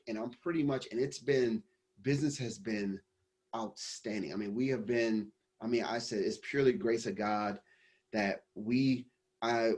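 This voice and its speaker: A business coach talks casually in an interview, rambling and restarting his sentences. He is a man with an ordinary middle pitch. His talk is relaxed and loose. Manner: rambling, many restarts and fillers. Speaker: business coach and company founder.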